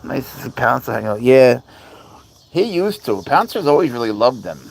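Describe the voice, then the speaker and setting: A man's voice: medium pitch, very animated, moderate pace, creaky, breathy edge, poor audio. A man hosting a casual livestream, rambling as he talks to his cats and answers viewers' chat. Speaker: livestream host.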